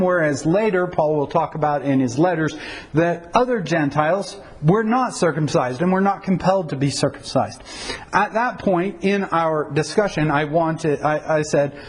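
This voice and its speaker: Speaking about Bible translation in a relaxed teaching session, this middle-aged pastor is wry and chatty, sharing anecdotes and frequently correcting himself mid-thought. The recording is poor, carrying a voice that leans high and sounds slightly rough.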